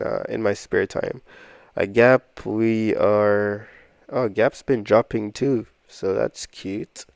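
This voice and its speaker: Man, casual rambling portfolio talk, smooth resonant tone, dry room. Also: lowish voice, darkish tone, no room sound. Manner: rambling, self-deprecating, thinking aloud with frequent "I don't know". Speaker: investing vlogger.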